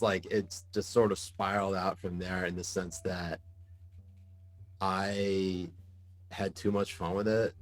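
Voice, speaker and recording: A man in a casual podcast interview, telling stories with lots of fillers and bursts of laughter. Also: deep voice. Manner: animated, laughing storyteller with many fillers. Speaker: podcast guest, journalist.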